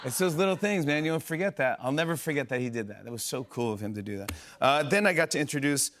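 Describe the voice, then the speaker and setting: A man in his forties hosting a talk show, telling an excited, rambling story full of fillers and quick impressions. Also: mid-range voice, faint music behind. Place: television studio.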